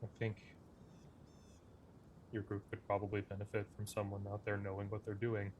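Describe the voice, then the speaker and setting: Low-voiced male player, in-character role-play, clipped and wary. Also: completely flat delivery, moderate pace, a little mellow, slight background noise. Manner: curt, guarded, clipped.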